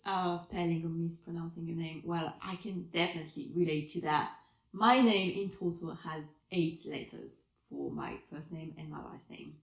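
A woman's voice: fairly low pitch, creaky, reverberant. A French woman from Alsace hosting a podcast, chatting casually about a memoir, laughing often and restarting her sentences. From Alsace, France. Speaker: podcast host. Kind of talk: casual chat about a book.

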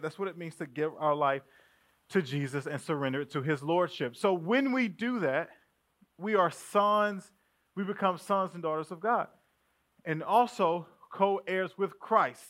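A male pastor preaching a sermon in a relaxed, conversational way, calling the congregation family. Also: sits high. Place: church sanctuary.

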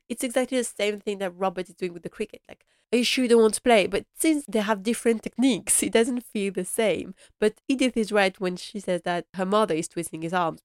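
A woman's voice: medium pitch, dry recording, clean studio sound. A woman casually recapping a period drama episode, gushing and rambling with lots of fillers. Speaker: podcast host.

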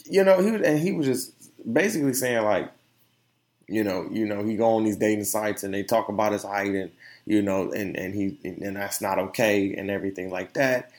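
Lively, slangy male podcast host. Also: fairly low pitch, fairly quick. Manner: animated storytelling with loose slang and laughs. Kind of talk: casual opinion monologue.

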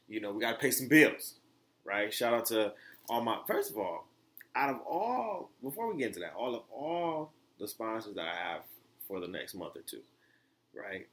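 A man talking alone on his own podcast in a casual, chatty monologue. He wanders between thoughts and repeats and restarts often. When a point excites him, his voice climbs sharply before settling back down. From United States. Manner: rambling, animated, many fillers and restarts, voice jumps high when excited. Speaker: podcast host.

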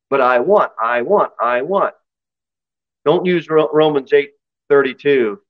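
A man's voice: mid-range voice, no room sound, lo-fi sound. A man preaching an expository sermon in a church, emphatic and acting out story voices. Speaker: pastor.

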